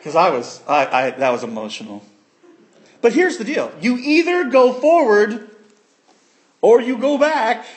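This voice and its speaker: Lively high-voiced preacher telling a story. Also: male voice, moderate pace. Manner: animated storytelling with acted-out voices and sound effects. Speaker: pastor. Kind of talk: sermon.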